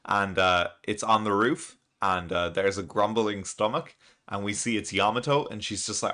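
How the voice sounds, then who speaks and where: A man's voice: on the low side, measured pace, bright, forceful tone. A man casually recapping a comic chapter, rambling with lots of fillers and frequent chuckles. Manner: chuckles often, loose and rambling with many fillers. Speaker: manga reaction channel host.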